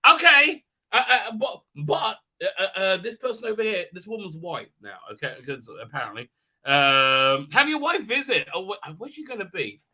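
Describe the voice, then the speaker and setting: Middle-aged male livestream host, rambling casual chat, sharp tense tone, slightly high voice. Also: moderate pace. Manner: rambling, animated, with many restarts. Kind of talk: casual live-stream chat, reading viewer comments.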